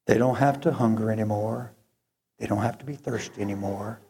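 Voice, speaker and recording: A man's voice: on the low side, warm tone. A male preacher delivering an earnest sermon that rises to fervent moments. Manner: slow, earnest, rising to fervent.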